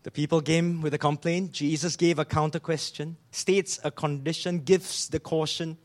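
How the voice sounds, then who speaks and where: A man preaches in a high, light voice. His delivery is earnest, built on rhetorical questions, and it often sinks low and soft. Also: flat delivery, moderate pace. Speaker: pastor. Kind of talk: sermon.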